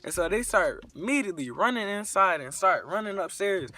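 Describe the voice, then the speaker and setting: A young man telling a crude, slang-filled story in a casual, animated storytime style. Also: high-pitched, brisk. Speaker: storyteller vlogger.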